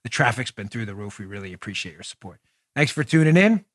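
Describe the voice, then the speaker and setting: A man hosting a political talk show, delivering an emphatic monologue that jumps from loud exclamations to low asides. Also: big pitch swings, fast, no echo, studio quality. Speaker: podcast host.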